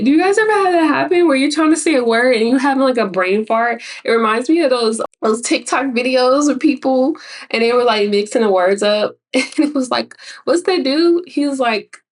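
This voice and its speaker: A woman's voice: high-pitched, big pitch swings, moderate pace, recorded from a distance. A woman from Chicago with a Chicago accent, an artist and graphic designer giving casual, rambling tips in a vlog. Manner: chatty, rambling, self-interrupting with laughs.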